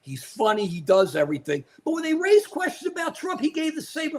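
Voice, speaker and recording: A man's voice: very high voice, sing-song, brisk, few pauses. An older man co-hosting a live political talk show, delivering outraged, emphatic commentary, repeating phrases and turning to his co-host by name.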